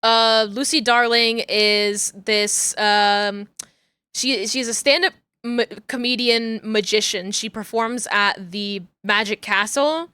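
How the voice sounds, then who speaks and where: A woman's voice: on the high side, steady tone, takes it slowly, sharp tone, clean tone, dry recording. A young adult woman streamer chatting casually and rambling with many fillers while playing a game. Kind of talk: casual chat while gaming.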